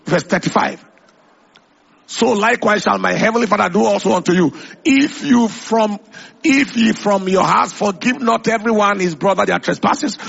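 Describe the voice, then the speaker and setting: A man's voice: high voice, gravelly, a bit bright, breathy edge, highs cut off. A man preaching a sermon with an emphatic, repetitive cadence, quoting scripture at length.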